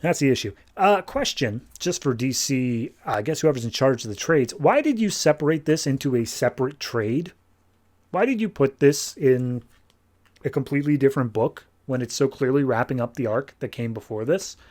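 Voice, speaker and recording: A man's voice: medium pitch, expressive, normal speed, darkish tone. A man hosting a podcast, recapping comic books in a loose, joking, casual way and paraphrasing the characters as he goes. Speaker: podcast host.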